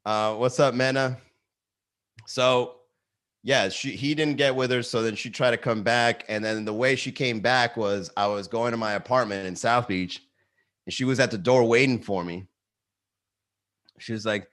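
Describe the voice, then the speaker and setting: Animated comedian host telling stories. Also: male voice, brisk. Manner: animated storytelling, swearing, jumps into high excited voices for quotes. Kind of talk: casual live-stream chat. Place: Miami.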